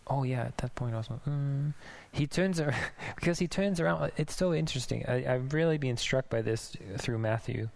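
Gravelly-voiced man preaching casually. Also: medium pitch, moderate pace, hardly any pauses, a little mellow. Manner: conversational, musing, with restarts and small laughs. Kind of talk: sermon. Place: church in Denmark.

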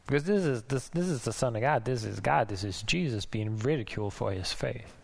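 A man delivering a sermon in a relaxed, conversational way, musing aloud as he goes. His voice sits at an ordinary pitch with a gravelly rasp running through it. He restarts his phrases and laughs softly now and then. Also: brisk. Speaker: preacher. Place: church in Denmark.

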